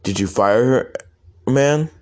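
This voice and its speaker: A man's voice: medium pitch, takes it slowly, darkish tone, pitched above the performer's own voice, natural voice. A man voicing a brash, impatient young male sidekick with streetwise talk.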